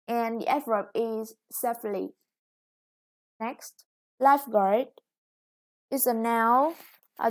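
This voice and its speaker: A woman's voice: a little high, a little mellow. A woman teaching an English vocabulary lesson, patiently explaining words one by one with frequent fillers.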